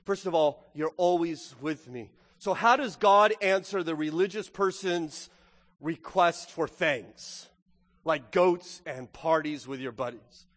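A man preaching a sermon as a pastor, swinging between loud pleading and hushed, intimate asides. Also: a little high, slow pace. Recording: reverberant hall.

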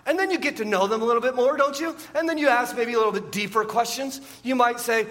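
A man's voice: very high voice, fast, a bit bright, in a large hall. A man preaching a sermon as pastor, often asking his listeners rhetorical questions and repeating words as he goes.

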